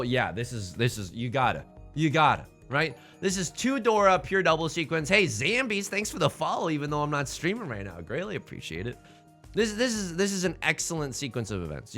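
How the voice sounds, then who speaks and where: An excitable young man talks through his game in a bright, lively voice that leaps up and down in pitch. He rambles, repeats himself and pokes fun at his own bad luck. Faint music plays behind him. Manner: excitable, self-deprecating, rambling with repeated words. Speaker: let's play host. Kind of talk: casual gameplay commentary.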